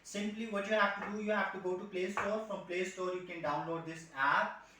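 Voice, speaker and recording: A man's voice: high-pitched, steady tone, normal speed, noisy background. A man with an Indian English accent teaching a spoken English lesson as a voice and accent trainer, explaining patiently, checking in with "right?" and demonstrating sounds. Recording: very echoey room, voice from a distance.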